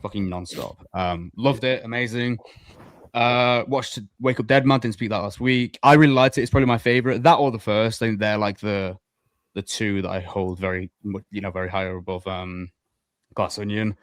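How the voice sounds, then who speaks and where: A young man hosting a casual film podcast, swearing freely and tossing out quick hot takes. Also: fairly low pitch, fairly even intonation, dry recording, studio quality. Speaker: podcast host. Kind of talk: casual chat.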